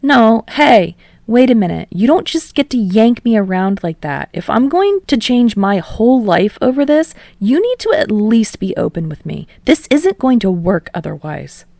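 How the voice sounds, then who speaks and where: A woman plays a bright, earnest young man who speaks his mind eagerly. The voice is raised and lively, with a gravelly edge. The room is dry and close. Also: lowish voice, normal speed, no room sound. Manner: eager and outspoken.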